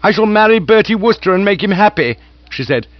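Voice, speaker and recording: A man voicing a soppy, romantic young woman in a high, dramatic voice. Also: lively intonation, a little fast, dry recording, dull audio. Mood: soulful.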